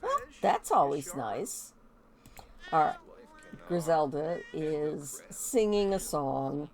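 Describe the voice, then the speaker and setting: A woman's voice: lowish voice, sing-song, takes it slowly, background noise. A woman giving casual let's-play commentary as she plays a life-simulation game, chatty and curious, often amused. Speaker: gaming video host.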